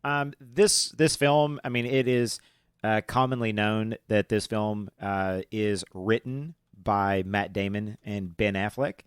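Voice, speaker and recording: A man hosts a casual movie podcast, his voice low and smooth. He rambles along with plenty of fillers and restarts, recorded dry and close. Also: fairly even intonation, slow, dry recording. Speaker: podcast host.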